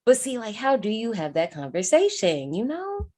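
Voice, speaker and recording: A woman's voice: on the high side, wildly swooping pitch, normal speed, warm tone. A woman casually recapping a horror movie on a podcast, swearing freely and acting out the characters' lines. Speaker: podcast co-host.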